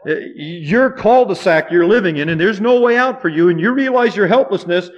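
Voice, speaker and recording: A middle-aged man preaching a sermon with fervent, repetitive phrasing, often sinking to a hush. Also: high-pitched, animated, moderate pace. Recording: dull lo-fi sermon recording.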